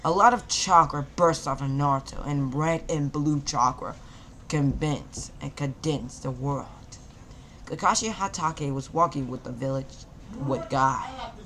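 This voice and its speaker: A man's voice: a little high, unhurried, fairly bright tone, a little hiss or hum. A man casually narrating a fan-made anime story, stumbling and repeating words as he goes.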